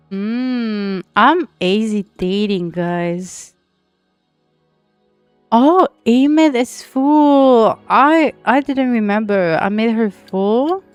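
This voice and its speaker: A French-accented woman streams a game and chats with her viewers, giggly and chatty. She speaks very slowly in a smooth, clear voice. Faint game music plays behind her. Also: mid-range voice, no room sound. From France. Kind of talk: casual live-stream chat while gaming.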